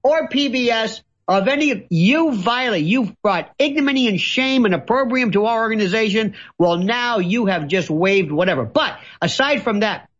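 A man's voice: high-pitched, lively intonation, moderate pace, few pauses, fairly bright tone. A man speaking as a guest commentator, theatrical and sarcastic, with an ornate vocabulary and mocking put-on voices. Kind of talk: ranting talk-show commentary. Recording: dull lo-fi audio.

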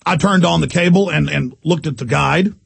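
A man's voice: a little high, normal speed, gravelly, slightly rough, no echo. A man hosting a talk radio show, delivering an emphatic, repetitive rant. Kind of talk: heated talk-radio monologue.

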